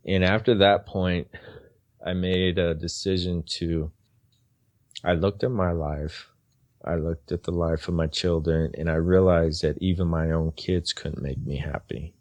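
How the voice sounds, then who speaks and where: A man in his forties speaks as a podcast guest, recounting his own story with earnest, halting phrasing and frequent restarts. His voice sits very low. The sound is close and dry, with no room around it. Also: steady tone, darkish tone, no room sound. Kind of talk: personal story in a podcast interview.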